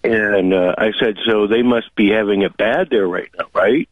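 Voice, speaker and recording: A man's voice: lowish voice, normal speed, no echo. A man calling a radio talk show, telling a long story in a chatty way, with many fillers as he goes. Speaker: caller. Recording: tinny phone line.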